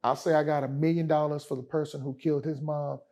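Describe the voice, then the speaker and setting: A man's voice: a little high, flat delivery, fast talker, warm tone. Emphatic man telling lawyer stories. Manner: emphatic, slangy, addresses host as man and brother. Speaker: lawyer guest. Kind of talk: casual interview storytelling.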